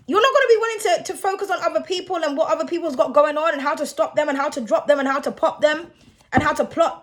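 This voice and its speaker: A young woman who reads tarot, ranting bluntly and with a lot of swearing in a casual vlog. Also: high-pitched. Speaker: tarot reader.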